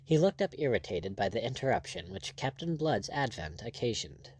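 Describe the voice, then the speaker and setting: A man reading a classic adventure novel aloud in measured scripted narration. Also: medium pitch, very animated, creaky, a little mellow, husky. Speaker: audiobook narrator.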